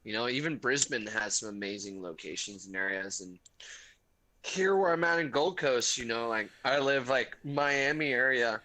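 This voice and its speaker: A man from the United States telling stories in a relaxed, rambling way during a casual livestream chat. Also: mid-range voice, normal speed. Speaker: guest. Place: home, living in Australia.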